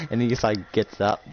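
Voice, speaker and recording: A man's voice: mid-range voice, muffled recording. A young man running a casual role-play as game master, narrating in a rambling way full of fillers.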